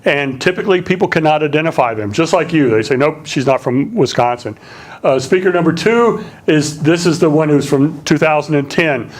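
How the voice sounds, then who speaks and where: A man's voice: a little high, normal speed. A man with a slight Southern accent giving a public lecture as a linguistics professor. He talks conversationally, with many fillers and restarts.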